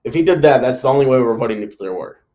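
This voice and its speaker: A man's voice: medium pitch, animated, racing, dark tone. A man hosting a casual live discussion, talking in a rambling way and filling his sentences with "like" and "you know.". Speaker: host.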